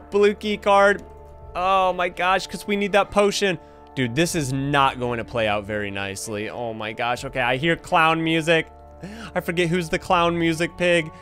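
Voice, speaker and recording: Gasping and yelping in panic, a young man gives excited commentary while gaming on his own channel. He has a fairly high pitch and a fairly bright tone.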